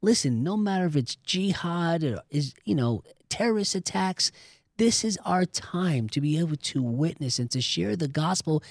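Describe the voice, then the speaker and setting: A man's voice: fairly high pitch, expressive, normal speed, vocal fry, dry recording. Fervent man preaching, dry close sound. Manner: fervent, insistent. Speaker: host. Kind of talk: preaching and prayer.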